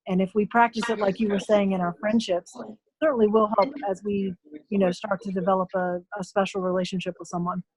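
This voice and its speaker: A woman's voice: mid-range voice, little pitch movement, a little fast, darkish tone, breathy edge, rough recording. A woman guest on a talk show who speaks earnestly and thoughtfully, with a few fillers. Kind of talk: casual talk show chat.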